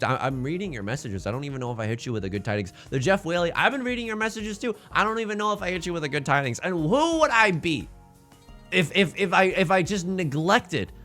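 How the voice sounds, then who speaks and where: A man livestreaming a tile game, joking and reacting dramatically as he plays. His voice is slightly high and very bright, with lots of swing in the pitch. Faint game music plays underneath. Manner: animated, jokey, dramatic exclamations. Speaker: streamer. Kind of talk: live game stream commentary.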